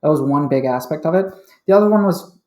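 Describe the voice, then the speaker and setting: A man's voice: on the high side, animated, quick pace, a little mellow, reverberant. A man speaking as a podcast guest, candid and chatty, laughing easily as he recounts his career change. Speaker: interview guest, sales manager. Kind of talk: casual interview chat.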